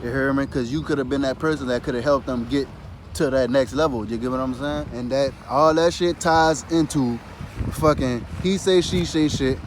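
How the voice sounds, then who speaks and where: A man's voice: medium pitch, normal speed, slight background noise. A man talking casually and loosely about spirituality, dropping "you hear me" after nearly every phrase and swearing freely. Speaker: spiritual talker. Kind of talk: casual monologue.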